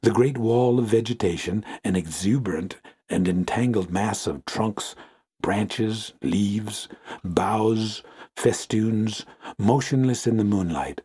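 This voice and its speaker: A man narrates an audiobook in a measured, deliberate manner. His voice is low, dark and mellow, with a husky grain. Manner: measured, deliberate reading with drawn-out phrases. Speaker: audiobook reader. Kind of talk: scripted narration.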